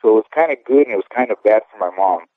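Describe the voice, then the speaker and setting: With lively intonation and a rapid-fire pace, a man in his fifties, a former boxer, rambles candidly through memories in a casual phone interview. His ordinary middle-pitched voice is carried by a thin, dry, close line, and he often tags points with "okay?"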